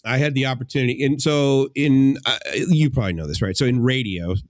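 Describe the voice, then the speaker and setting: A man's voice: medium pitch, a little fast, no room sound, clean studio sound. A man hosting a radio show in casual chat, telling long rambling stories and acting out the people he quotes. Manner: rambling storyteller, acts out quoted voices. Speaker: radio host.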